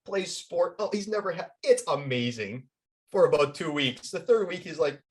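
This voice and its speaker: A man's voice: medium pitch, fairly quick. A man who is a guest and coach on a podcast, telling a story and speaking emphatically and energetically. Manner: emphatic, energetic, acts out voices. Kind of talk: animated storytelling and plugs.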